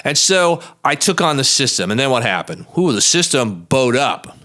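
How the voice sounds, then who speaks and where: A man's voice: medium pitch, big pitch swings, moderate pace, bright, forceful tone. A man, a lawyer hosting his own show, telling a story in a blunt, folksy, emphatic way in a monologue podcast. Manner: plain-spoken and blunt.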